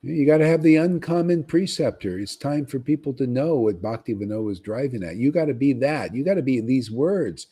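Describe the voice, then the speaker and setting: A man giving an informal, rambling devotional talk to followers, often pausing to ask "see?" and repeating himself. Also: mid-range voice, lively intonation, warm tone, husky. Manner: conversational, rambling, repeats words and asks "see?". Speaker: spiritual teacher.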